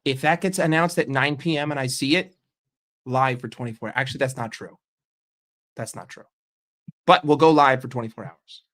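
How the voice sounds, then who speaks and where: A man hosting a live stream, chatting loosely with his viewers. He is animated and swears freely, and his voice sits at an ordinary middle pitch. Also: normal speed, pauses often. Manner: animated, profane banter with chat. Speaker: livestream host. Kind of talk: casual live-stream chat.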